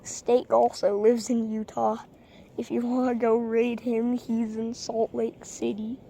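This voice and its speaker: A woman's voice: on the high side, flat delivery, unhurried, creaky, dark tone, slight background noise. A woman vlogging casually outdoors on a street into a phone, rambling and hesitant with many ums. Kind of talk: casual vlog.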